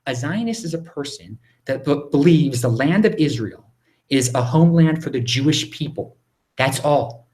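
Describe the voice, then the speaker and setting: In a casual apartment livestream, a man takes viewer questions, reading each out before answering. His delivery is animated and hushed, close to a whisper, with frequent quick restarts as he talks over himself.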